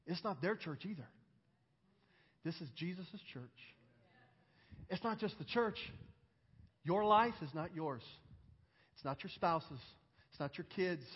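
A man preaching a sermon as pastor, earnest and emphatic, building intensity and then dropping low. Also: breathy edge. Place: church sanctuary. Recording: muffled recording with long hall reverb.

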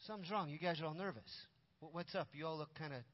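A man voicing a weary, humbled young king who talks low, subdued and resigned, in a storytelling sermon. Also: fast, close to an everyday voice. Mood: uneasy. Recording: dull sound with long hall reverb.

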